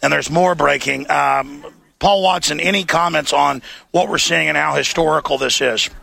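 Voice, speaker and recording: Man, host, impassioned rant, high voice, gravelly fry, bright edge. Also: steady tone, normal speed, dry recording. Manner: impassioned, ranting. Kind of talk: talk show rant.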